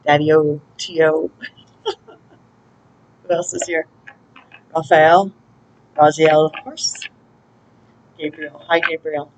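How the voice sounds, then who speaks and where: A woman's voice: low voice, fairly even intonation, takes it slowly, pauses often, darkish tone, a little hiss or hum, rough recording. A woman giving a casual spiritual oracle reading, chatty and laughing often as she greets angels aloud. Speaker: intuitive oracle card reader.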